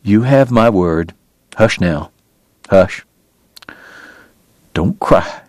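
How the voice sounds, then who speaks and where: A man voicing a frail, gentle gentleman who is dying, speaking softly and wearily in an audiobook. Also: medium pitch, expressive, a little slow, dry recording. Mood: tender. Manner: soft, weary, tender. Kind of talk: audiobook character voice.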